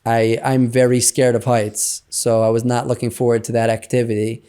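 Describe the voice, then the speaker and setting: A man in an interview, telling a personal story in a chatty, animated way with many fillers like "you know". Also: mid-range voice, normal speed, clean tone. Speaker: interview guest.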